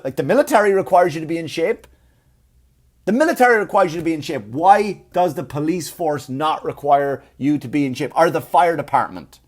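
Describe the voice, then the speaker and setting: Guy in his 30s ranting on a podcast, bit high voice, swears a lot. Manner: swearing, animated storytelling with acted-out quotes. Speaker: podcast host. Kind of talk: comedic rant.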